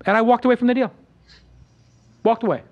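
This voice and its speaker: A man's voice: extremely high pitch, brisk, narrow, tinny audio. A man hosting a casual roundtable talk show, telling stories with boastful energy and acting out what others said. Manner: boastful, animated storytelling with acted-out quotes. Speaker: podcast host.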